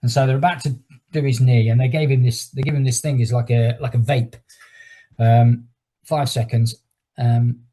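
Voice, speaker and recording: A middle-aged man with a husky, slightly breathy voice runs a fitness class over a video call. He chats in a rambling way and stops now and then for countdowns. His pitch sits in an ordinary middle range for a man. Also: fairly even intonation, moderate pace, warm tone. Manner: chatty and rambling, breaks off to count down exercises. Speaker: fitness instructor. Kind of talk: leading an online exercise class while telling a story.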